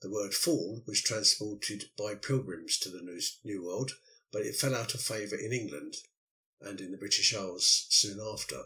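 An older man hosts his own podcast, musing through a loosely scripted monologue with the occasional filler. His voice sits a little low, yet it comes across as strikingly bright and forceful. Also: normal speed, poor audio. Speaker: podcast host.

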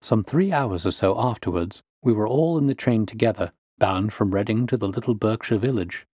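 Male storyteller, measured audiobook narration, low voice. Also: warm tone, husky, dry recording, clean studio sound.

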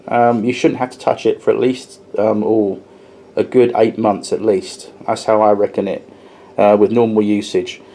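Chatty man with a mellow voice. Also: on the low side. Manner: chatty, with frequent ums and restarts, stresses small details. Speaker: model railway reviewer. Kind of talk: casual hobby review, explaining hands-on.

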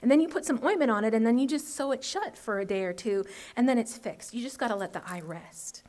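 An eerily calm, bossy little girl, read aloud by a woman, hushed and matter-of-fact. Her voice sits a touch high and stays level and sure. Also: quick pace, close to an everyday voice.

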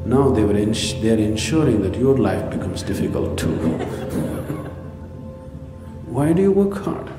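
A man's voice: fairly low pitch, big pitch swings, a little slow, long pauses. A man giving a spiritual talk, asking rhetorical questions and slipping in jokes. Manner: rhetorical questions, joking asides. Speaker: spiritual teacher. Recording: reverberant hall with soft music.

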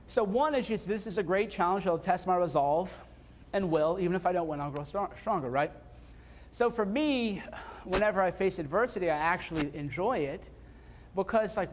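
A man's voice: sits high, fairly quick, a little hiss or hum. A man speaking casually and bluntly to a live seminar audience, repeating points for emphasis. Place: seminar room before an audience.

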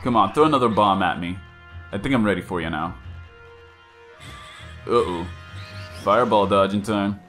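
A man's voice: lowish voice, moderate pace, pauses often, fairly bright tone, faint music behind. A man hosting a gaming channel, giving casual, chatty commentary while he plays and jokes about his own mistakes. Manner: chatty, self-deprecating, coaching himself aloud. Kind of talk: casual let's-play commentary.

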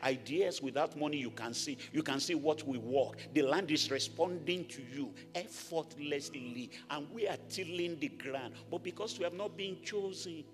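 Nigerian-born pastor preaching in an echoey hall. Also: male voice, on the high side, moderate pace, hardly any pauses. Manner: animated preaching, shouting blessings over a congregation. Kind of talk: sermon. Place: large church hall. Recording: echoey church hall with music.

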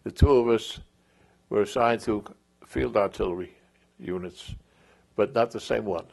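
A man's voice: fairly low pitch, a little slow, gravelly, darkish tone. A man in his eighties telling a veteran's war memories in an oral history interview, rambling and chuckling with many restarts. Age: 80s.

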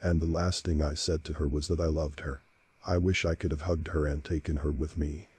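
Super deep guy narrating a creepy story, flat and mellow, quiet music behind. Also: a little fast, slightly rough, dry recording. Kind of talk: scripted first-person horror narration. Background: faint background music.

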